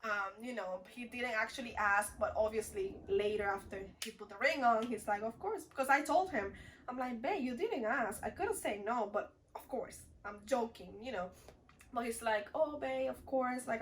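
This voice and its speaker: A woman's voice: on the high side, moderate pace, slight background noise. A young woman from the Dominican Republic telling a storytime vlog in a chatty, rambling way, full of "like" and restarts. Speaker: vlogger. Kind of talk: casual storytime chat.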